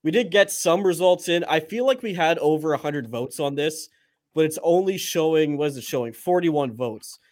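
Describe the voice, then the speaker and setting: A man's voice: fairly high pitch, moderate pace, a little mellow. Easygoing man hosting a podcast. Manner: easygoing, reads out poll results. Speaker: podcast host. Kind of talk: casual chat.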